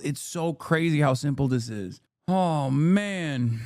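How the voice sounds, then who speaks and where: Male streamer, sarcastic and profane, higher voice, dry close sound. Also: lively intonation, slow, no echo. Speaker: streamer commentator. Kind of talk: reacting to a news clip.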